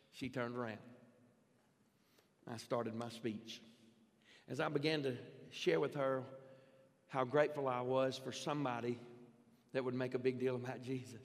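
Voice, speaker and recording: Man preaching his testimony in a hall. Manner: animated storytelling, pitch leaping up when excited. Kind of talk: sermon testimony. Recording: long hall reverb.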